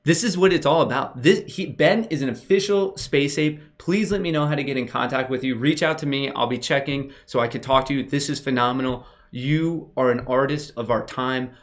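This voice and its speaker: Young guy on a livestream, hyped and gushing, chatting straight to viewers, normal mid pitch. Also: normal speed, few pauses. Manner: excitable, gushing, talks to chat directly. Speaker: livestream host. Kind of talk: casual livestream chat.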